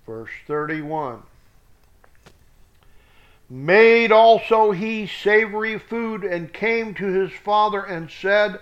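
A man reads scripture word by word, calling out reference numbers and dropping in blunt remarks. His voice is high for a man and his pace is slow and deliberate. The recording sounds dull and lo-fi. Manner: slow, deliberate reading with blunt spoken asides. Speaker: Bible teacher.

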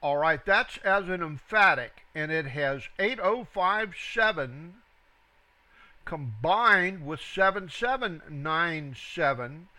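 A man teaches scripture verse by verse at an unhurried, deliberate pace. He reads each phrase, then its reference number, and leans hard on the quoted words. His voice is bright and a little higher than most. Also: expressive. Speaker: Bible teacher.

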